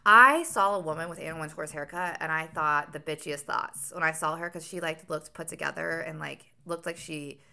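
A young woman co-hosting a podcast in a loose, gossipy chat that wanders and leans on "like". Her voice sits a little low with a gravelly fry, yet it has a bright, sharp edge. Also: normal speed, few pauses. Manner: gossipy, rambling, lots of "like". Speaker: podcast co-host. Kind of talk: casual chat.

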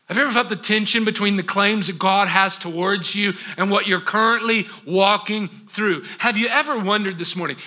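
A man preaching a sermon, asking rhetorical questions and acting out scripture with dramatic pauses and sudden hushed drops. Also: high voice. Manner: rhetorical questions, acts out biblical quotes. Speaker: pastor.

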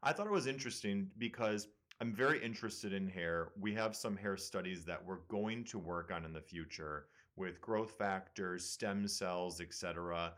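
A man's voice: sits low, a bit bright. A man with a Midwestern American accent, a surgeon hosting a casual medical talk show and explaining studies with fillers. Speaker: surgeon and podcast host.

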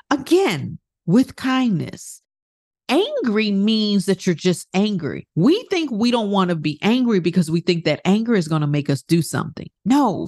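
Lively, candid woman podcaster. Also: medium pitch, no echo, clean studio sound. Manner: candid, swears freely, acts out inner thoughts in quotes. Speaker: podcast host and coach. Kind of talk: casual motivational monologue.

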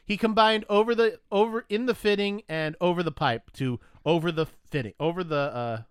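A man telling a story in casual chat, animated and profane, acting out both sides of a conversation. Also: sits high, normal speed, smooth, no echo, clean studio sound.

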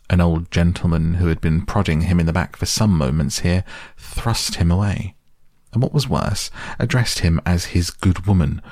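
A man narrating a storybook in a measured, expressive reading. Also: deep voice, vocal fry, no echo, studio quality.

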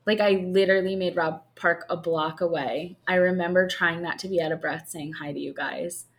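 A woman in her thirties co-hosting a podcast in casual chat, a lively storyteller who laughs often. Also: on the low side, moderate pace. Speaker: podcast co-host.

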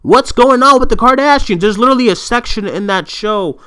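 Animated ranting man, bright clear voice. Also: very high-pitched, brisk. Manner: animated, swearing, laughing often. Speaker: podcast co-host. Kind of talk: casual ranting chat. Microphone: remote recording setup.

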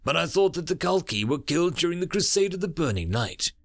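Brief: cautious male digital being, measured words, man voicing, a bit high. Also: sing-song, dry recording, studio quality. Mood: careful. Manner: careful, slow. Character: careful, slow-spoken male digital being.

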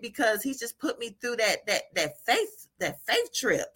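A woman giving an informal devotional talk, animated, often laughing and asking "right?" as she encourages listeners. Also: on the high side, measured pace. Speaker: faith encourager.

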